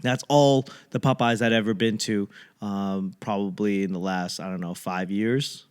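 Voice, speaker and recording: Rambling comedian. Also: male voice, lowish voice, fairly even intonation, moderate pace, smooth. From Boston. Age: young adult. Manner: digressive, joking, puts on mocking voices. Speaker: comedian podcast host.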